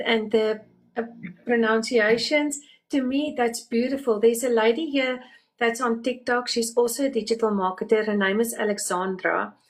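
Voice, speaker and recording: A woman hosting a casual live-stream chat who encourages her guest with short affirmations. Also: on the high side.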